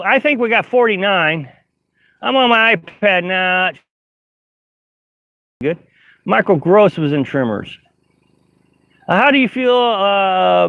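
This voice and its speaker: A man's voice: high voice, no room sound. A middle-aged man hosting a casual live stream from his camper, reading viewer comments aloud, rambling and laughing often. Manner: rambling, laughs often, many fillers and restarts. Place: inside a camper. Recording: dull, lo-fi live-stream audio.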